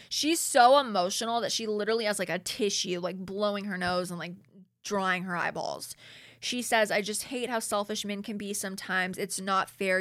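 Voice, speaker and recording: A woman's voice: mid-range voice, sharp tone, dry recording, studio quality. Chatty opinionated woman podcaster. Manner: chatty, opinionated, lots of "like" fillers. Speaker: podcast host recapping a reality show. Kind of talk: casual chat.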